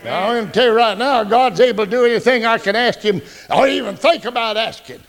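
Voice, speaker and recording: A male pastor preaching a folksy, joking, animated sermon. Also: extremely high pitch, brisk, vocal fry.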